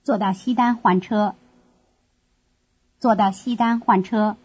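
Actress as a young student giving directions, slightly husky, slow careful drill lines, lo-fi tape. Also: female voice, medium pitch, fairly even intonation, darkish tone. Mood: answering. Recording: dull lo-fi course tape.

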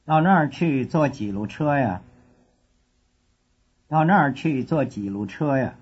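A man playing a young male foreign student who asks about buses in slow, careful drill lines. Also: medium pitch, expressive, darkish tone, slightly rough. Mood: asking. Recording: dull lo-fi course tape.

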